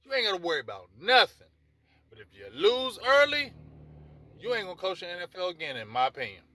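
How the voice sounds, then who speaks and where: A man's voice: high-pitched, big pitch swings, fast, pushed and bright. A man hosting a sports talk show, speaking in a passionate, emphatic, repetitive way and addressing people directly. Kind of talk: casual sports commentary monologue.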